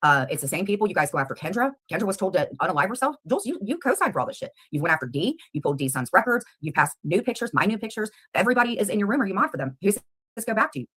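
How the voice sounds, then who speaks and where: A woman on a livestream, confronting a rival head-on with rapid, combative questions. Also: medium pitch, very animated, a bit bright, breathy edge.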